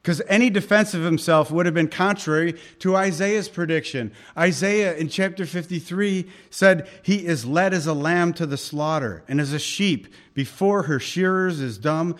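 Guy preaching a sermon, kinda high voice, gets loud on the scripture bits then goes real quiet. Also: normal speed, few pauses. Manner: animated, swings between loud reading and soft asides. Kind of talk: conversational sermon.

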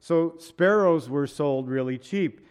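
A man's voice: on the high side, slow, a little mellow, clear, resonant tone. A man preaching a sermon in a casual, folksy way, asking the listeners questions and laughing at himself now and then. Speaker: pastor.

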